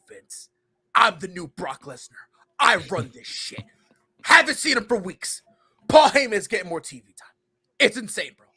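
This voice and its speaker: A man's voice: high voice, bright, forceful tone. A man hosting a casual sports podcast, ranting and joking about wrestling and basketball. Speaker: podcast host.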